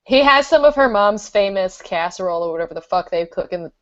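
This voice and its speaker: A woman's voice: medium pitch, lively intonation, a little fast, fairly bright tone, no echo. A young woman co-hosting a book club chat who laughs often and swears freely while reading passages aloud. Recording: dull lo-fi webcam audio.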